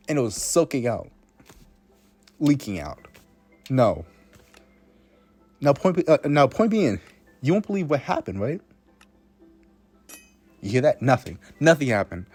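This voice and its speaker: A man's voice: medium pitch, a little mellow, husky, no room sound. A teenage boy telling a rambling, self-mocking story about his own life, swearing often and restarting his sentences. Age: teens. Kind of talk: casual storytime monologue.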